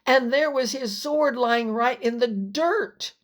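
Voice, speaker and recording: A woman reading her own children's fantasy story aloud as an audiobook. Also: on the high side. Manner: slow, unhurried storytelling. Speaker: author and narrator. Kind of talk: audiobook narration.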